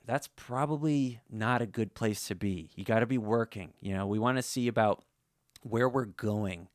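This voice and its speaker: A man's voice: on the low side, moderate pace, dry recording, clean studio sound. A man giving a casual, conversational guitar lesson, full of "you know" fillers. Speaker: slide guitar teacher.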